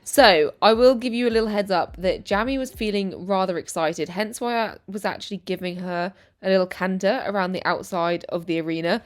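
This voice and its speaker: A woman's voice: medium pitch, a little fast, few pauses. A young woman vlogger and rider giving a chatty, bubbly voice-over to her viewers. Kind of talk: casual voice-over narration.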